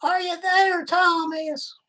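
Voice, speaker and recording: A lovesick, gullible woman who coos and frets in a piercingly high voice that hardly moves up or down, put on by a man as a prank. She sounds tearful and devoted, smothering her listener in endearments. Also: level tone, slow pace, sharp tone, exaggerated voice, poor audio. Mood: doting gullible. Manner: doting, tearful, naive sweet-talk. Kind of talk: prank call role-play.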